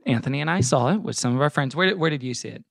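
A man's voice: medium pitch, lively intonation, rapid-fire, creaky, fairly bright tone, dry recording, studio quality. A man co-hosting a comedy podcast, joking around and reading an ad with playful drama. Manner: jokey, reads ad copy with playful drama. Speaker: podcast co-host. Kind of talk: casual chat.

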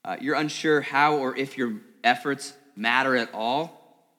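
A little slow, pushed and bright, a male pastor's mid-range voice carries a conversational, vivid sermon in a school hall church service. He repeats words often while storytelling, and the hall adds long reverb.

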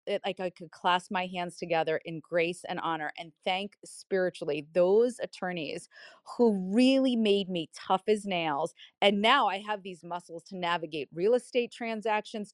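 A woman telling a personal story on a live audio chat, animated and emphatic, repeating key phrases. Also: medium pitch, moderate pace, dry recording, studio quality. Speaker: guest speaker.

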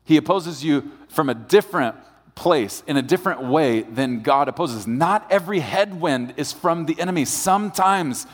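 A man preaching a sermon as pastor, animated, swinging between loud emphatic bursts and hushed, intense passages. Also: fairly high pitch, normal speed. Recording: long hall reverb.

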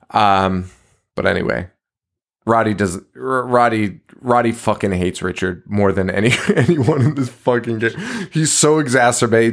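Lowish-voiced man cursing through a movie recap. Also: moderate pace, creaky. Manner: profane, laughing, acts out characters' lines. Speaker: podcast co-host. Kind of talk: casual movie recap chat.

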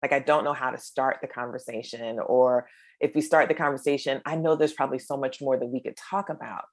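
A low-pitched, middle-aged woman from the United States talks in a relaxed podcast conversation. She tells her stories with animation, slipping into the voices of the people she quotes. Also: fairly quick. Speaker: guest, creator of a menopause storytelling project.

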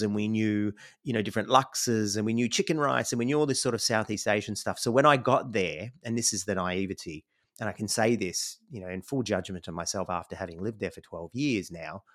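Middle-aged Australian man, low voice, rambling and reflective, conversational storyteller on a podcast. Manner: reflective, rambling, frequent "you know". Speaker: podcast guest.

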